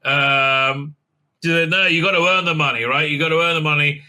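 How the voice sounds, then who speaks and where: A man's voice: a little high, moderate pace, bright, forceful tone, rough recording. A man hosting a sarcastic, casual TV episode recap, mocking and rambling with many fillers. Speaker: host and TV reviewer.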